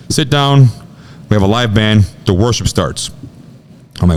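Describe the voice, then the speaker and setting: A man's voice: fairly low pitch, darkish tone. A man in his thirties telling a personal story as a podcast guest in casual, slangy talk, often saying bro. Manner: rapid slangy talk, says bro a lot.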